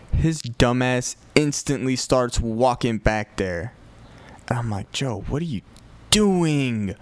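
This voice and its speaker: A young man from Chicago with a Chicago accent, telling a profane, animated story on a podcast. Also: medium pitch, clear, resonant tone. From north side of Chicago. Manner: profane, animated retelling with quoted voices. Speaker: podcast host. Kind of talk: casual storytelling.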